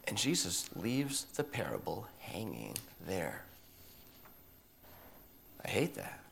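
A man preaching a sermon, telling a story with animated delivery and drawing answers from listeners. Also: low voice, slow, creaky, slight background noise. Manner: animated storytelling, acts out quoted voices.

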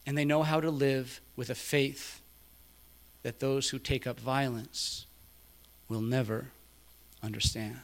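A man preaching a sermon, quoting others quietly and building to loud, emphatic peaks. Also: on the high side, measured pace. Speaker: pastor.

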